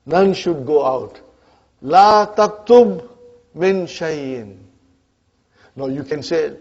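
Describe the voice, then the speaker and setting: A man's voice: high voice, darkish tone, husky. A male Arabic teacher giving a classroom grammar lecture, often checking in with his students by asking "huh?" and "are you with me?". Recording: dull lo-fi lecture recording.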